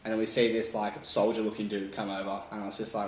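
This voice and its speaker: Fast-talking Australian podcast guest. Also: male voice, lowish voice. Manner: fast, animated anecdote telling. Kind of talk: casual chat. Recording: echoey room with crowd behind.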